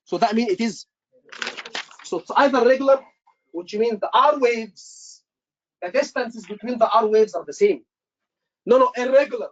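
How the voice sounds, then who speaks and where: An instructor walks a live class through a method step by step, repeating each point several times and firing short questions at the students. The voice sits at a middle pitch. It comes through a dull, lo-fi class recording. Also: normal speed, pauses often. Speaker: medical exam instructor.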